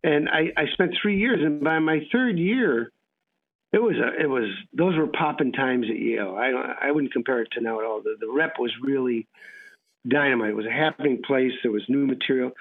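Gravelly man telling stories over radio. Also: medium pitch, moderate pace. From United States. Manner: rambling storyteller, acts out dialogue. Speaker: actor guest. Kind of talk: casual anecdotal interview. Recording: tinny phone-like radio line.

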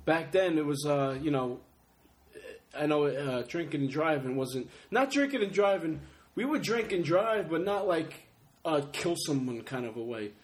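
A man hosts a casual podcast and butts in with crude jokes and quick asides. His voice sits a little high for a man. He talks loose and playful. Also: animated. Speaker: podcast host. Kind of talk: casual chat.

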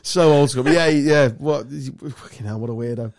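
Male co-host, casual banter, laughs and swears through his anecdotes, middle pitch. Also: moderate pace, a little mellow, no room sound. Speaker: podcast co-host.

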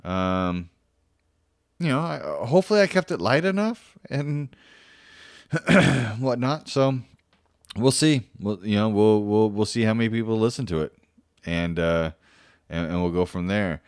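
A man's voice: fairly low pitch, animated, a little slow, long pauses, clean tone, dry recording, clean studio sound. A man hosting his own podcast, telling a long story in a casual, rambling way with lots of fillers and restarts. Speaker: podcast host.

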